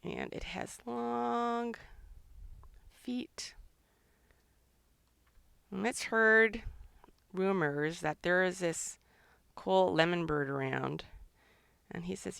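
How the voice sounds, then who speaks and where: A middle-aged woman, a children's author and illustrator, chatting excitedly and thinking aloud during a live drawing session for kids. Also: medium pitch, slow, creaky, pauses often, smooth, no echo.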